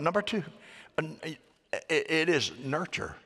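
Man, pastor, sermon, high voice, bright tone, long hall reverb. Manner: animated preaching with dramatic voices and drawn-out phrases.

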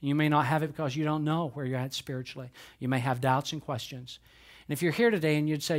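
A male pastor preaching at a church service, speaking with emphasis. His voice swells to loud, driving climaxes as he presses his points. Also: a little high, fairly even intonation, fast. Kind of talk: sermon.

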